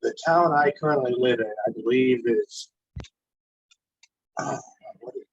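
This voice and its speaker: Husky voice over dull lo-fi call audio. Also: medium pitch, a little slow. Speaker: home cook on a group cooking call. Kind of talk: casual chat.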